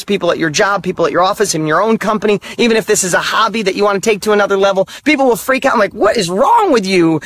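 A motivational speaker, a middle-aged man whose voice sits notably high for a man, drives his points home in short hammered phrases. He talks bluntly and candidly, letting a mild curse slip now and then. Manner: emphatic, punchy repeated short statements. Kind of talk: motivational monologue.

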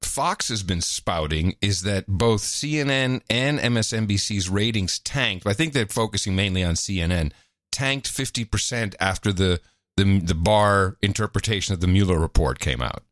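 A man's voice: lowish voice, expressive, moderate pace, fairly bright tone, no room sound, clean studio sound. A man co-hosting a casual political chat show, talking in a loose conversational way. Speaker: podcast co-host.

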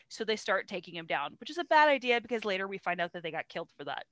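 A woman's voice: medium pitch, sing-song, quick pace, few pauses, fairly bright tone, clean tone, no room sound. A young woman co-hosting a podcast, retelling a play in casual, swearing slang and acting out the characters in bits. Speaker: podcast co-host.

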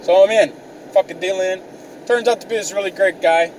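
High-voiced man ranting and swearing. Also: brisk, a little mellow, far from the mic, a little hiss or hum, rough recording. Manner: rambling, swears constantly, sarcastic. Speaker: vlogger. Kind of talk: profane comedic rant. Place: outdoors on the move.

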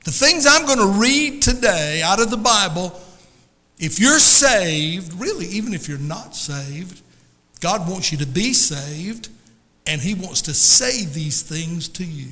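A man's voice: sits high, expressive, a little slow, bright, forceful tone. A male pastor preaching an emotional Pentecostal sermon with emphatic, chatty asides to the congregation. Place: church sanctuary. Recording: long reverb of a church hall.

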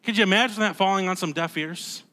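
A man preaching a sermon as pastor, conversational and emphatic, dropping to a hush and then rising loud, often repeating words. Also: high voice, quick pace. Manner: emphatic, swings from hushed to loud.

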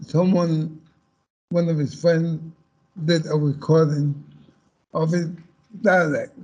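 Man on a panel, slow and halting, husky dark voice, kinda muffled recording. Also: a little high, level tone. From Caribbean heritage. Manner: slow and halting, with many restarts. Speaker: panel guest. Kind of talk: panel discussion.

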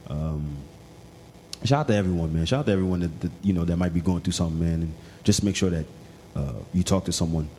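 A man's voice: deep voice, fast, darkish tone, slight background noise. A man co-hosting a podcast, chatting loosely with lots of fillers and restarts. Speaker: podcast co-host. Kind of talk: casual chat. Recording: roomy with long reverb and faint ambience.

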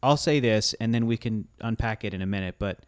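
A man's voice: lowish voice, brisk, clean tone, no echo, studio quality. A young man hosting a film podcast in a casual chat, rambling and laughing as he talks. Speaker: podcast host.

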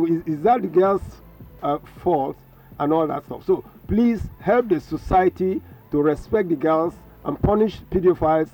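A professor appears as a guest on a radio talk show, his voice on the high side; he's emphatic and preachy and repeats his phrases. The audio is dull, from a distant mic with faint music.

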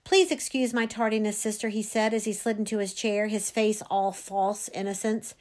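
A woman voicing a sly, smug boy schoolmate who speaks quietly, low and calm. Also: normal speed, close to an everyday voice. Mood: falsely innocent.

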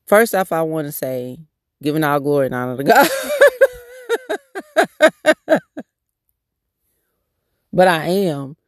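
A man's voice: fairly high pitch, animated, brisk, dry recording, clean studio sound. A man hosting a devotional podcast, praying in a repeated cadence and talking casually with restarts. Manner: repetitive prayer cadence. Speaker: podcast host. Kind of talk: prayerful devotional podcast talk.

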